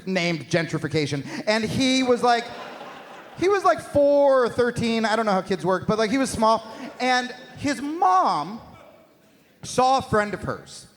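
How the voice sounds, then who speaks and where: A man performing a stand-up comedy set on stage, with profane, shouting rants and rapid asides. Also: sits high. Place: live venue on stage.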